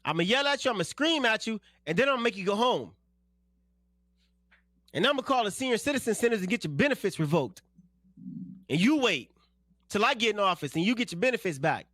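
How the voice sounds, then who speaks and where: A man's voice: high voice, animated, brisk, pauses often, fairly bright tone, dry recording. A man from South Central Los Angeles giving a blunt, slangy, fired-up radio monologue as host and political candidate.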